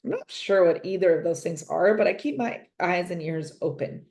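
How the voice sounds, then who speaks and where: A woman reading a children's chapter book aloud, gentle and expressive, in first person. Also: fairly low pitch, moderate pace, a little hiss or hum. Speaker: reader. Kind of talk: storybook read-aloud.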